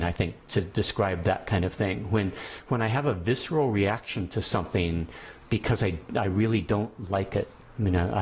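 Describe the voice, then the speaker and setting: A man with a lowish voice teaches a class, lecturing on ethics and thinking aloud as he goes. He often restarts his sentences, and there's a slight hiss or hum in the audio.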